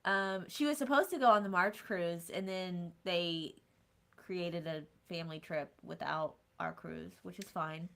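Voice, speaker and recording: Lady cohost on a chill live show, lowish voice, rambles and trails off. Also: unhurried, gravelly, fairly bright tone. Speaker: co-host of a live cruise show. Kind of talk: casual live-stream chat.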